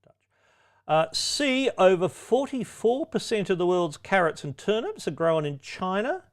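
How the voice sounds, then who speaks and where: Sardonic quizmaster with a lively voice. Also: male voice, high-pitched, normal speed. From Australia. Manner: sardonic, with wry, cheeky asides; chatty, with frequent ums and self-corrections. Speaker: quiz host. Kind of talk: pub-quiz hosting.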